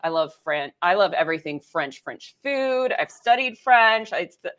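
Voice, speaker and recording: A woman's voice: lowish voice, expressive, normal speed, fairly bright tone, muffled recording. An American woman hosting a casual live-stream interview, chatty and enthusiastic, with lots of "like". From United States. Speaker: host.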